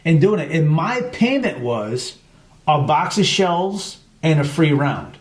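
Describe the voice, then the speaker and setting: A man's voice: a little high, takes it slowly. A middle-aged man from New York, telling hunting stories in a casual podcast conversation. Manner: storytelling, animated retelling with quoted voices. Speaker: podcast guest, chapter president. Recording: echoey room.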